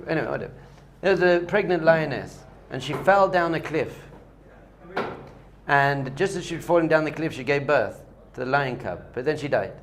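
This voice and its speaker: A man's voice: mid-range voice, a little hiss or hum. A man, a rabbi, giving a spiritual lesson with a story, talking animatedly and repeating key points for emphasis.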